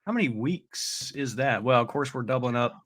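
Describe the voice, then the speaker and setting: A man co-hosting a podcast, talking in a playful, teasing and excitable way. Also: medium pitch, normal speed. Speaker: podcast co-host. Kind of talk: casual podcast chat.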